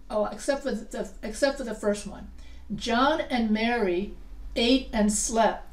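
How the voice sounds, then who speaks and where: A woman teaching a writing class, chatty and full of questions to her students, often restarting her sentences. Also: a little high. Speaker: writing instructor. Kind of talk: live class lesson. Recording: echoey room, voice from far off.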